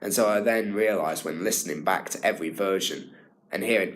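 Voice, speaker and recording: A man's voice: fairly low pitch, a little fast, a bit bright. A young man giving a rambling self-evaluation as a drama student. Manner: rambling, full of fillers and restarts.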